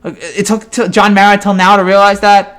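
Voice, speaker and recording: A man delivers a fan reaction rant in a voice pitched well above most men's. He sounds exasperated throughout and keeps tripping over his words, restarting sentences as he vents. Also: level tone, brisk, a bit bright. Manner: exasperated and ranting, with frequent stammered restarts. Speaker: sports fan commentator.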